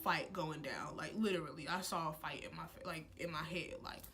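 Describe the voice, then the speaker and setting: A young woman telling a heated storytime to camera, animated and full of "like" fillers. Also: deep voice, fairly quick, faint music behind. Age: young adult. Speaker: college student vlogger. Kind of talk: casual storytime.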